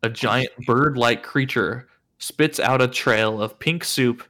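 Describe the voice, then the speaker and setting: A man's voice: medium pitch, bright, forceful tone. Man reading out quiz clues. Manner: reads clues slowly, teasing. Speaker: quiz host on a podcast.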